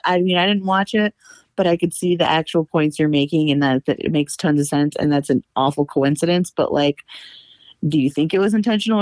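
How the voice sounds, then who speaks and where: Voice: mid-range voice, no echo. A podcast guest talking casually and hesitantly, with many fillers. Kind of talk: casual chat.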